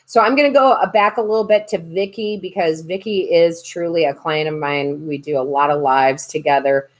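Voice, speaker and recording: Woman, low voice, tarot reader, casual livestream chat, jokey, reads comments aloud. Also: normal speed.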